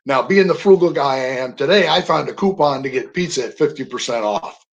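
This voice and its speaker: An older man, a guest on a radio interview, telling personal stories with animated emphasis on single words. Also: mid-range voice, fairly quick, gravelly, dull audio. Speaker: guest, veteran.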